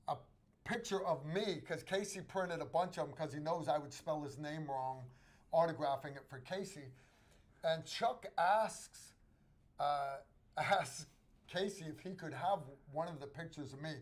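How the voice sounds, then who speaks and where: Host, male, American, slightly high voice, halting casual storyteller. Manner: rambling, halting storyteller with many restarts.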